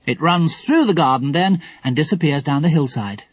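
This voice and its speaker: A man playing a brisk sensible mother. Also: a little high, lively intonation, dry recording. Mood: calm.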